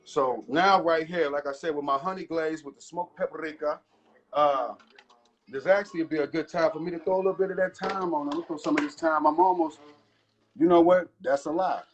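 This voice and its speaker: A man's voice: on the high side, steady tone, brisk, highs cut off. Chatty man hosting a home cooking stream. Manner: chatty, loose, talks to viewers directly. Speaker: cooking show host. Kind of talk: casual live cooking chat. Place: home kitchen. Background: faint jazz music.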